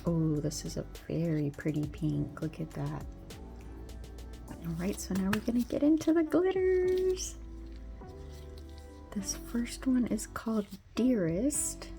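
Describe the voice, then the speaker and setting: A woman hosting her own channel, unboxing a product with gushing delight, gasps and soft whispered exclamations. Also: on the low side, measured pace, creaky, over music. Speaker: nail polish channel host.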